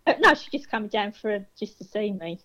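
A woman calling in to a radio show, chatting warmly and laughing easily. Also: medium pitch, a little fast. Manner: friendly, laughs easily, lively. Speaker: caller. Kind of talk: casual phone chat. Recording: dull phone line.

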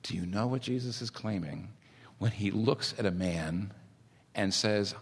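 A man preaching a sermon as pastor, earnest and animated, acting out little stories as he goes. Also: fairly low pitch, a little slow, husky, big-room sound.

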